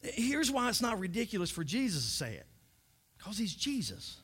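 Man, pastor, high voice, jokey sermon, repeats words when starting sentences. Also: wildly swooping pitch, normal speed, a bit bright, husky. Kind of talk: humorous sermon.

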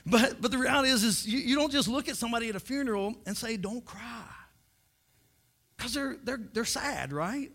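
High-voiced joking pastor. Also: male voice, lively intonation, fast talker, hardly any pauses, bright, forceful tone. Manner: joking, repeats words when starting sentences. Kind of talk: humorous sermon.

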